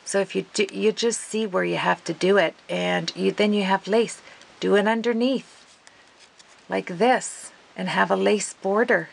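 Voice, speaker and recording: A woman hosting a casual craft video, gushing and excitable as she talks viewers through her work. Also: medium pitch, measured pace, vocal fry, low-quality recording. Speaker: craft vlogger.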